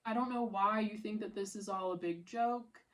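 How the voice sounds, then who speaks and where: A woman's voice: mid-range voice, moderate pace. A woman in an angry vlog rant, swearing and speaking straight at someone she is upset with, her voice strained with anger. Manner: furious, swearing, addressing someone directly. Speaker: content creator.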